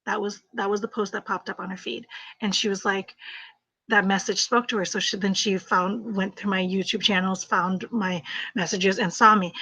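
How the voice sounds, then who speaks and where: A woman's voice: medium pitch, steady tone, normal speed, bright, forceful tone. A middle-aged woman chatting casually and emphatically on a crochet livestream, repeating herself and laughing often. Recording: slightly muffled livestream audio.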